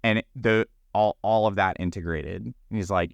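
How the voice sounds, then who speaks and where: A man's voice: fairly low pitch, steady tone, moderate pace, vocal fry, hardly any pauses, no room sound, clean studio sound. A middle-aged man, a ministry founder, telling his faith story earnestly and reflectively in a church interview, often restarting his sentences.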